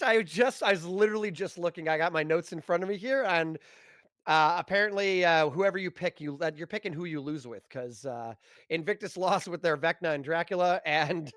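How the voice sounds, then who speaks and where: A man's voice: high voice, dry recording. A man co-casting a live esports match, rambling and restarting his sentences with frequent laughs. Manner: rambling, self-interrupting, laughs often. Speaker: esports co-caster.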